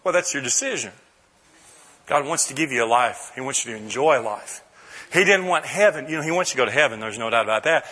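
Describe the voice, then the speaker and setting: A man preaching a sermon, reading scripture slowly and rising to shouted emphasis. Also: mid-range voice, expressive, breathy edge. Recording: long hall reverb.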